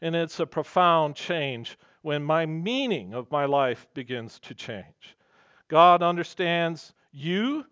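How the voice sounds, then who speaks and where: A man's voice: fairly high pitch, expressive, takes it slowly, a bit bright, clean tone, dry recording, highs cut off. A man preaching a sermon as pastor, earnest and emphatic, weaving in personal stories.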